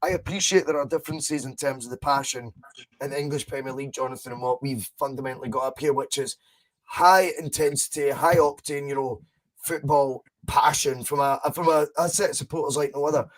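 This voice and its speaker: A Scottish man hosting a casual podcast, animated and chatty, acting out little scenes as he tells stories. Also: mid-range voice, a little fast. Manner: animated storyteller, acts out voices in anecdotes. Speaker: podcast host.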